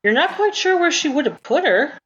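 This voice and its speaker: A woman's voice: high-pitched, very animated, brisk, a bit bright. A woman narrating a tabletop game as game master, talking casually with frequent restarts and small laughs. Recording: slightly dull lo-fi mic with faint hiss.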